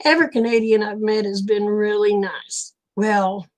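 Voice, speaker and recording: In a mid-range voice with a level tone and moderate pace, a livestream host from Oklahoma, USA, talks casually with viewers in her Oklahoma accent, telling folksy stories and laughing often.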